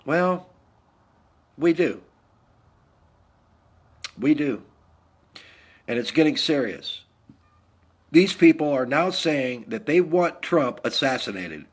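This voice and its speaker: Middle-aged american guy, navy vet, ranting hard, slightly high voice, keeps repeating himself. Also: animated, takes it slowly, pauses often. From United States. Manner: heated, blunt, repeats his points. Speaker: Navy veteran vlogger. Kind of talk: angry political rant.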